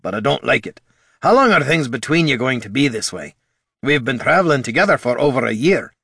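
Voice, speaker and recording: A man's voice: mid-range voice, big pitch swings, fairly quick, creaky, a bit bright, slightly rough, dry recording, clean studio sound, pitched above the performer's own voice, exaggerated voice. A man voicing a blunt, folksy veteran adventurer who worries about his party. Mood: earnest.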